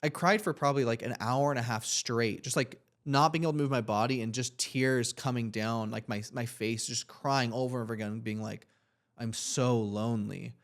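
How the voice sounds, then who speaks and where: A man's voice: mid-range voice, a little fast, few pauses. A young man co-hosts a casual podcast and tells a long personal story. He talks in an earnest, reflective, rambling way and leans on "like" as filler. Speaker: podcast co-host.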